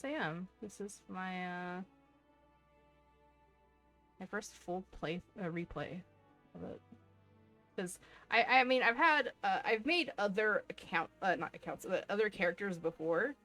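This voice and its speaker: A woman's voice: lowish voice, expressive, a little slow, bright, forceful tone, soft background music. A young woman chatting casually to her stream while playing a game, laughing and swearing as she goes. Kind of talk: casual live-stream chat.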